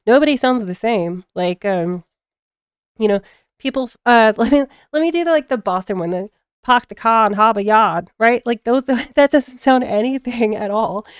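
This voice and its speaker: A woman with a plain general American accent chats on her stream. Her voice is smooth and clean at a middle pitch, recorded dry and close. She halts often, filling gaps with fillers and easy laughs. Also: a little mellow, no room sound. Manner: halting, many fillers, frequent laughs. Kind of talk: casual stream chat.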